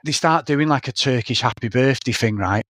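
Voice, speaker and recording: A man's voice: mid-range voice, moderate pace, fairly bright tone. A man, telling a story as a podcast co-host in casual, sweary chat. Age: 40s.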